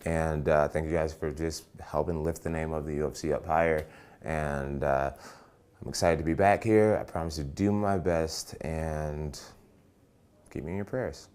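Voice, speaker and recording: Male fighter for a press interview, voice sits extremely low, upbeat, often restarts and repeats words. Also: steady tone, normal speed, darkish tone, clean tone. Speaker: professional fighter.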